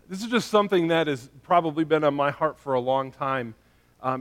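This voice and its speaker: A male pastor preaching a sermon in a conversational way, often checking in with his listeners by asking "right?" and "okay?". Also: fairly high pitch.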